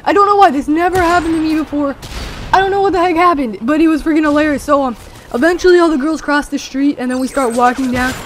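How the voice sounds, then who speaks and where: A young teenager rambling excitedly through a story with many fillers, talking over gameplay. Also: high-pitched, quick pace, a little hiss or hum. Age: young teen. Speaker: gameplay commentator.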